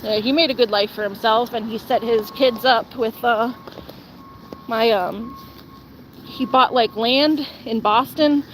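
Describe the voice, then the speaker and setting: A woman's voice: on the high side, a little slow, fairly bright tone, a little hiss or hum. A young woman streaming outdoors, chatting casually in a rambling way full of "like" and "um" while answering viewer comments. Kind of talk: casual chat.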